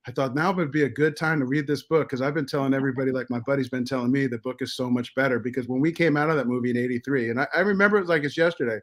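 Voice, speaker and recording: Middle-aged American man, podcast guest, animated storyteller who swears freely and restarts his sentences. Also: medium pitch, racing, few pauses. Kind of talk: casual storytelling.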